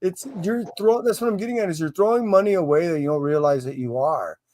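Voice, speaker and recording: A man's voice: on the high side, quick pace, a crowd in the background. Persistent man lecturing in casual chat. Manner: persistent, lecturing, explains his point at length.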